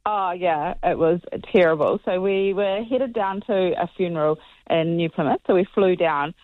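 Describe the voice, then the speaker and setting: A woman, calling in to a radio show and telling a story in an animated, casual way, often checking in with "okay?". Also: fairly low pitch, moderate pace, dry recording. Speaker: caller. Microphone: phone. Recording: tinny phone line, dry.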